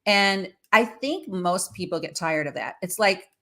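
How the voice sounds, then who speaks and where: Bright-voiced woman giving chatty commentary. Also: mid-range voice, a little slow. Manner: chatty and opinionated, with many fillers. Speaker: host. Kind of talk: casual commentary on celebrity news.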